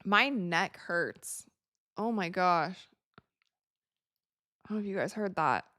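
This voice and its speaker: A young woman from the United States hosting a live watch party, chatting casually with viewers and reacting excitably to the game. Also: on the low side, slow, dry recording, clean studio sound. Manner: chatty, excitable, reads viewer messages aloud. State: tired, yawning.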